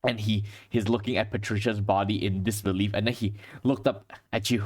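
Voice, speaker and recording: A man running a tabletop game as game master, narrating scenes in descriptive storytelling with pauses and restarts. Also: on the low side, steady tone, a little mellow.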